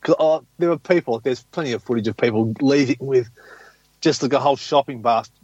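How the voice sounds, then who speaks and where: A man's voice: medium pitch, brisk, darkish tone, no room sound, dull audio. A man in crude comic banter, rambling and swearing.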